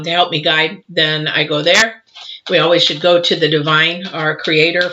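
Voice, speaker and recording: Woman, tarot reader, chatty and rambling, dull noisy home recording. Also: on the low side. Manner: chatty, rambling with many fillers. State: mouth full of cookie dough. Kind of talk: live tarot reading.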